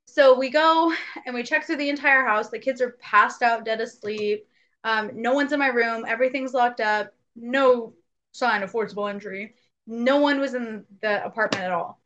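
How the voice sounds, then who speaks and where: Woman, young adult, podcast co-host, lively storytelling, dull muffled sound. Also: fairly high pitch, normal speed. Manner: animated, acts out quotes. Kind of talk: casual storytelling chat. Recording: dull lo-fi recording.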